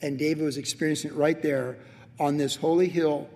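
Pastor, male, higher voice, big swings from fervent preaching to whispered intimacy, long reverb of a sanctuary. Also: fairly even intonation, fairly quick, slight background noise. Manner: swings from loud emphatic preaching to hushed near-whisper. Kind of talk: sermon.

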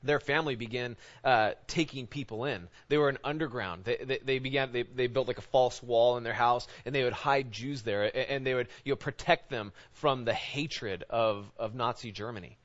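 A man's voice: medium pitch, a bit bright. Man preaching casually, lo-fi sound. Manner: informal, halting, often asks "right?". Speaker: pastor. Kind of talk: conversational sermon. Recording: dull lo-fi recording.

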